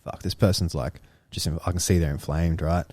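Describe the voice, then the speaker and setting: Aussie podcast co-host, mellow, relaxed storyteller, casual and sweary. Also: male voice, low voice, dry recording. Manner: storytelling, swears freely, quick asides. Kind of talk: casual chat.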